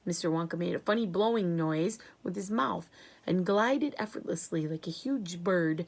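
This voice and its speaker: A woman reading a children's book aloud in an expressive storytelling voice. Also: lowish voice, moderate pace. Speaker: reader.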